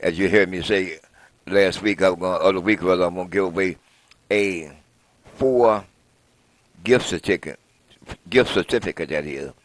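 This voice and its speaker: A man's voice: deep voice, moderate pace, pauses often. A man hosting a live local TV program in a folksy, rambling way, correcting himself as he goes. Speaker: TV host.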